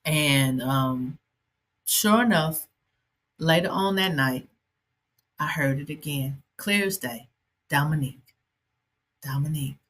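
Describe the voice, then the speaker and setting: Woman, podcast host, minister, personal storytelling, low voice, conversational, lots of fillers. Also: animated, slow, long pauses, a bit bright. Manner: conversational, with frequent fillers and asides.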